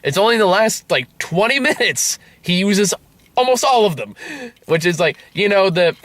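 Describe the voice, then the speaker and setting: A man's voice: high voice, lively intonation, moderate pace, a bit bright, no room sound. A man reviewing a film in loose casual chat, rambling and swearing freely. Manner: loose and profane, rambling asides.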